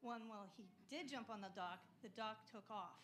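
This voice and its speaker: Mom speaking at a ceremony, higher voice, amused, faint room noise. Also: female voice, normal speed, a bit bright. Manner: amused storytelling. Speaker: parent of a scout. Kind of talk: informal speech at a ceremony. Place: church ceremony.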